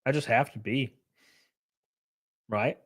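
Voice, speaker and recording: A man hosting a livestream, answering chat messages in a brash, profane, animated way. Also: mid-range voice, slow. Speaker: livestream host reading chat.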